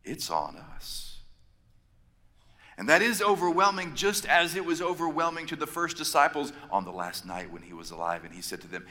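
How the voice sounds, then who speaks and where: A male pastor delivers an emphatic sermon and builds his points through repeated phrases and pauses. His voice sits a little high and sounds bright and forceful. A long reverb from a large church hall hangs on every word. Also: big pitch swings.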